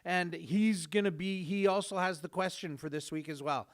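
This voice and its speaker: A man's voice: sits high, normal speed. A man, hosting a podcast in a jokey, easygoing way with plenty of fillers. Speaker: podcast host. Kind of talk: casual podcast chat.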